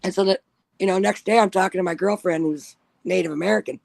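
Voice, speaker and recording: A woman's voice: on the low side, fast talker, gravelly, a little mellow, dry recording. A woman telling a spooky personal story in casual chat, blunt and profane. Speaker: guest storyteller.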